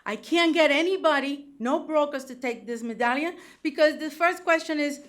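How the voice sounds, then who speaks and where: A woman's voice: high voice, normal speed, hardly any pauses, fairly bright tone. An older woman from Cuba, a taxi medallion owner, giving emotional, pleading testimony at a public hearing.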